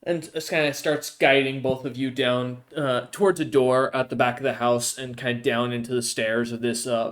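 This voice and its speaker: A man's voice: mid-range voice, a bit bright. Rambling man narrating a tabletop game. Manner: rambling, many fillers and restarts, descriptive. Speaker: game master.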